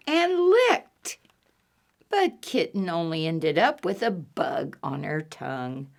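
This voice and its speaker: A children's librarian leads storytime in a bouncy, sing-song voice, swooping widely up and down in pitch and unhurried in her delivery. Her tone has a gravelly edge, and she spells out simple words and imitates animal noises for little listeners. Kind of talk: storytime reading to young children.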